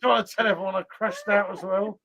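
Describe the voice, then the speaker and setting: A middle-aged man hosting a casual live chat over beers, loud and sweary in his banter, talking over a video call. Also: high-pitched, fairly even intonation, a little fast. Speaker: host.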